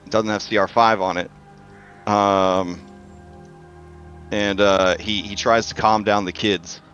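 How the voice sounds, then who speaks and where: Man, game master, low voice, hesitant narration, dull lo-fi recording. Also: steady tone, takes it slowly, a bit bright, faint music behind. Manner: hesitant, full of uhs while narrating. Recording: dull lo-fi sound.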